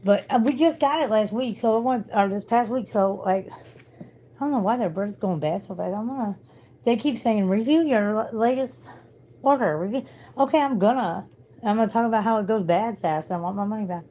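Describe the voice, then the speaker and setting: A woman's voice: medium pitch, a little fast, dark tone, low-quality recording. A tired woman in pain, chatting bluntly and swearing through a casual livestream.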